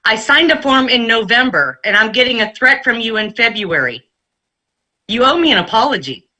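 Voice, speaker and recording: A woman's voice: on the high side, very animated, moderate pace, pushed and bright, rough recording. A woman on a city council, speaking in an indignant, pointed way during a council meeting debate. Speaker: council member.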